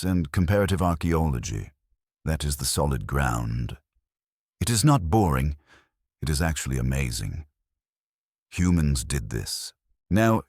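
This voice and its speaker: A man giving a calm, scripted narration meant for sleep, gently wry in tone. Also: rumbling low, no room sound, studio quality.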